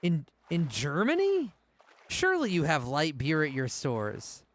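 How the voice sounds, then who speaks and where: Casual male gamer, high and very animated, talkative and profane. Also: measured pace. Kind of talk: casual chat while gaming.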